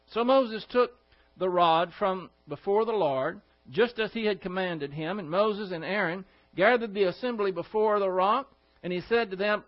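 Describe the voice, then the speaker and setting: A man's voice: high voice, expressive, unhurried. A man teaching a Bible study, animatedly retelling the scripture with asides and self-corrections, on a dull lo-fi recording.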